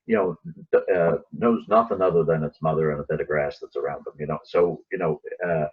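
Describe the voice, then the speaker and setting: Man, very low voice, raspy, informal Bible teaching, conversational, dull lo-fi recording. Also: a little fast. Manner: conversational, acts out quoted lines.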